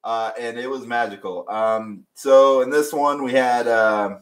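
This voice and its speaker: A man co-hosting a casual TV recap show, talking in an animated way with lots of fillers and laughs. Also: mid-range voice, measured pace. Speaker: co-host.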